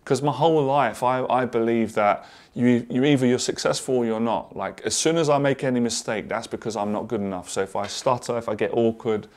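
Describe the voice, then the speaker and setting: A man, a confidence coach, telling his own story to camera in a candid, earnest way with frequent halting restarts. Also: mid-range voice. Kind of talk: personal story told to camera.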